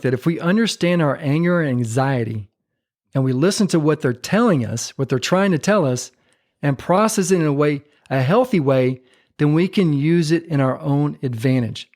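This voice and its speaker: A man's voice: a little high, expressive, moderate pace, darkish tone. A man hosting a podcast interview, joking and bantering playfully with his guest. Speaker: podcast host.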